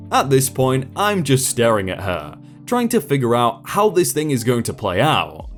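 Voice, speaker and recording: A man reads a reddit story aloud in a wry storytelling manner. His pitch moves up and down expressively from line to line. Faint music plays in the background. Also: huge pitch swings, normal speed, few pauses. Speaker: storytime narrator.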